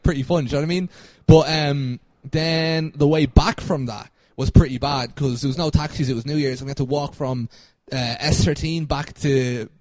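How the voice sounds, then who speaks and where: A man's voice: fairly high pitch, a little mellow, no room sound. A young man co-hosting a podcast, rambling and laughing through a casual story with lots of fillers. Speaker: podcast co-host.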